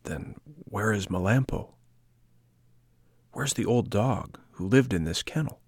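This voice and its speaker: A man voicing a hushed, coaxing polecat. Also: lowish voice, animated, takes it slowly, no room sound. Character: sly soft-spoken male polecat, scheming thief. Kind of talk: storybook reading.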